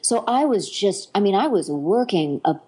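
A woman's voice: mid-range voice, expressive, normal speed, warm tone, slightly rough, poor audio. A middle-aged woman, an actress and dialect coach, chatting eagerly in an interview with lots of fillers and restarts. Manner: enthusiastic, rambling, many fillers and restarts. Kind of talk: casual interview chat.

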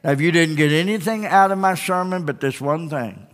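A man's voice: a little high, brisk, a bit bright, in a large hall. A young man preaching a sermon in an auditorium, telling a story animatedly and acting out the voices of people in it. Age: young adult. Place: large auditorium.

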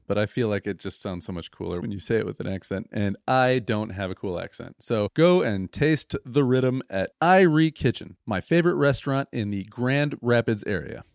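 A man's voice: mid-range voice, darkish tone, no room sound, clean studio sound. A man hosting a podcast, introducing the episode and reading sponsor ads in an enthusiastic, chatty way. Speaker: podcast host.

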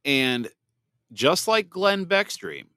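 A man's voice: fairly high pitch, big pitch swings, takes it slowly, pushed and bright, smooth, no echo, clean studio sound. Candid rambling male podcast host. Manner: candid, rambling, with many restarts. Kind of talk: personal testimony monologue.

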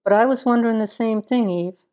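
A woman's voice: a little high, a little fast, warm tone, lightly acted. A woman reading the part of a small-town sheriff, a former city detective, with dry, understated wit in an audiobook. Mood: droll.

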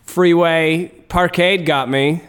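A Canadian man, a comedian guest on a podcast, chatting casually in a laid-back, rambling way that often trails off quietly. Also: a little high, fairly even intonation, slow pace, clear, resonant tone.

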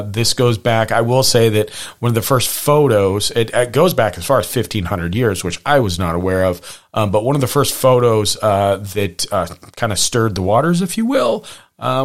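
Easygoing man rambling through notes. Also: medium pitch. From Pacific Northwest. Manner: rambling, wry asides, many fillers. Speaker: podcast host. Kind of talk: casual chat reading from notes.

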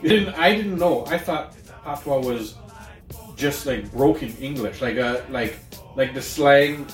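A man's voice: medium pitch, a little slow. A man co-hosting a casual chat podcast, swearing freely and laughing often. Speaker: podcast co-host. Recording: roomy, distant mic with faint music.

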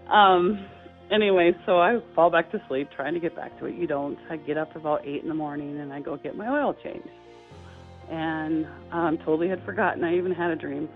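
A middle-aged woman earnestly telling a personal story as a guest, slipping into higher voices when she quotes people. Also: normal speed, faint music behind. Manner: earnest, lively quoting of dialogue with high acted voices. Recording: tinny phone-like line.

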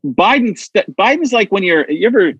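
A man talking casually as an interview guest, animated and full of restarts. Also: high voice, moderate pace, breathy edge, no echo, lo-fi sound. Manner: animated, stammering restarts, acts out voices. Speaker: impressionist guest.

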